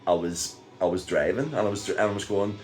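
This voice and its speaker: Chuckling older Northern Irish man, deep. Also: fast, soft background music. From Northern Ireland. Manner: rambling, chuckles often, many fillers. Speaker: vlogger. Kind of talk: casual storytelling.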